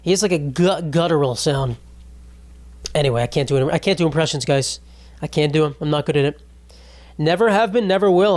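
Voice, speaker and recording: A young man in his twenties rambles through a casual solo podcast, swearing freely and tacking "bro" onto his jokes. His voice sits a little high. The sound is close and dry, with no room around it. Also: fairly quick, a little mellow, dry recording. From United States. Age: 20s. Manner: rambling, profane, jokey, trailing off with "bro" and "dude". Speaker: podcast host.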